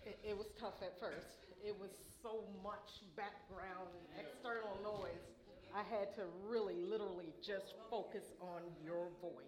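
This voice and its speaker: A woman's voice: mid-range voice, steady tone, moderate pace, reverberant, crowd noise. A woman volunteering at church, speaking plainly from far off the microphone. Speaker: pastor's wife volunteer. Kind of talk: casual remarks.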